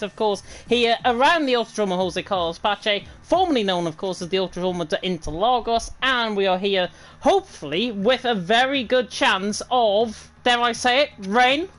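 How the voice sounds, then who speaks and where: A woman's voice: medium pitch, moderate pace, few pauses, poor audio. A woman with a Northern English accent giving chatty, self-deprecating live commentary on a racing league. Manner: chatty, self-deprecating, fluent reading of standings. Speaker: race commentator.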